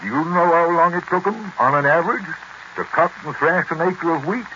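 A man's voice: a little high, brisk, sharp tone, a little hiss or hum. An actor playing a chatty, proud English farmer with an English accent who tells his story in a folksy way, in 1940s radio acting. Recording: dull lo-fi 1940s radio recording.

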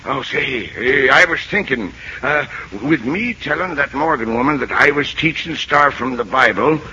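A folksy rural old-timer. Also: male voice, medium pitch, animated, sharp tone, dull audio, slight background noise. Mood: coaxing. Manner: folksy rural speech, halting with "uh". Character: homespun rural old man, fond and proud. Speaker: guardian teaching a girl. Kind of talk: 1940s film acting.

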